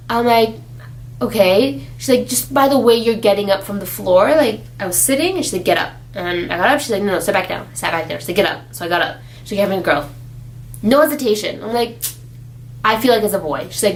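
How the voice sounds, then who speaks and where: A young woman vlogging about her pregnancy in a chatty, animated way, acting out the people she quotes. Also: medium pitch, fast talker, a little hiss or hum, rough recording. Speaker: expectant mother vlogger. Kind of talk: casual chat.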